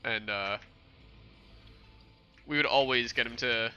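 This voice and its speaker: A man's voice: mid-range voice, slow, long pauses, bright, forceful tone, clear, resonant tone, muffled recording, soft background music. A young man from New York chatting casually with viewers while streaming a game, rambling and answering questions. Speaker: gaming streamer. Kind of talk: casual livestream chat while playing.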